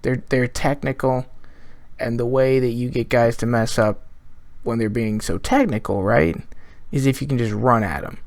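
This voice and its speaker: Gravelly-voiced man talking football. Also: medium pitch, normal speed, no room sound. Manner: jokey, rambling, asks viewers questions. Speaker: football fan vlogger. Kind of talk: casual match preview monologue.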